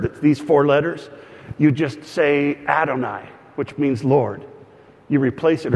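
A man preaching as a pastor, teaching in a conversational way with humorous asides and frequent fillers and restarts. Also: a little high. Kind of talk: teaching sermon. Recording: long hall reverb.

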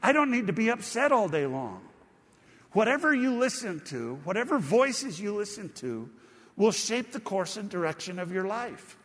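A man preaching a sermon as pastor, telling stories in a conversational, animated way. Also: fairly high pitch, big-room sound.

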